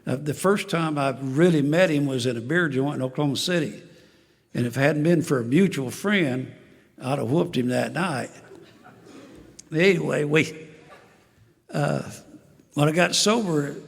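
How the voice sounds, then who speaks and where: Gravelly seventy-something storyteller. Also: male voice, on the high side, measured pace, long pauses, long reverb tail. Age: 70s. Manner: folksy storyteller, dry humor, chuckles at his own jokes. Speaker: recovery meeting speaker. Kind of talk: personal testimony to an audience.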